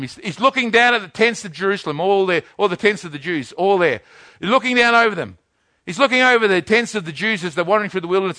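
A man preaching a sermon, building to loud, rapid-fire rhetorical questions. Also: high-pitched, dry recording.

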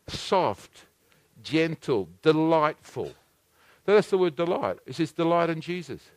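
A man preaching a sermon, swinging between loud exhortation and hushed, intimate asides. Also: fairly high pitch, big pitch swings, a little slow, no echo.

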